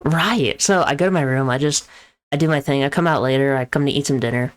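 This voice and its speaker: A woman's voice: rumbling low, quick pace. A young woman, an EMT and streamer, chatting casually and explaining medical terms as she tells a story. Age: young adult.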